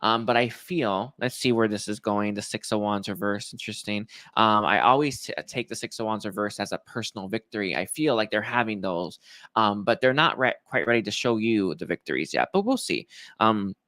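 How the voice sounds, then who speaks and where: A young man speaks in a bright, forward voice that sits slightly low for a man. He reads tarot cards for his viewers in a halting, emotional way, full of fillers and restarts. The sound is dry and close, with no room around it. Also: no echo. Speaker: tarot reader.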